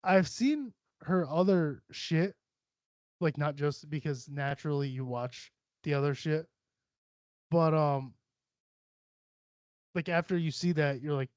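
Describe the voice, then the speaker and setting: A man hosts a casual podcast, rambling loosely and swearing freely, with frequent laughs. His voice sits a bit high, and the close recording is dry and muffled. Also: slow, long pauses, darkish tone, no room sound. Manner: profane, rambling, laughs often. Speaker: podcast host. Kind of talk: casual solo podcast chat. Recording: dull, lo-fi sound.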